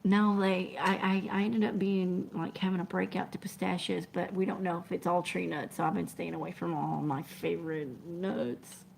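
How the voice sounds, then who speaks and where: A woman's voice: lowish voice, level tone, moderate pace, creaky, few pauses, a little mellow, a little hiss or hum. A middle-aged woman, chatting scattered and laughing as she reads viewer comments on a livestream. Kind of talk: casual live chat.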